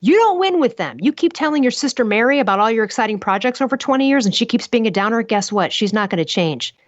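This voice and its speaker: A woman's voice: on the high side, animated, fast talker, no echo. A woman talking as a guest on an interview podcast, telling stories bluntly and emphatically, full of rhetorical questions. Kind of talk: animated interview talk. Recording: muffled dry podcast audio.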